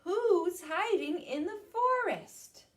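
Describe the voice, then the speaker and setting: A woman's voice: very high voice, expressive, takes it slowly, recorded from a distance, voice pushed up, exaggerated voice. A woman playing a masked raccoon. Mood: playful. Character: masked garbage-digging raccoon.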